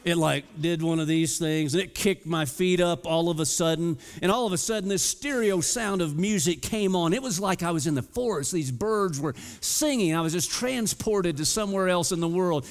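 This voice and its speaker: A man preaching a sermon as pastor, telling a funny personal story in a lively, playful way and acting out the lines he quotes. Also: high-pitched, normal speed, hardly any pauses. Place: church sanctuary. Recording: church hall reverb.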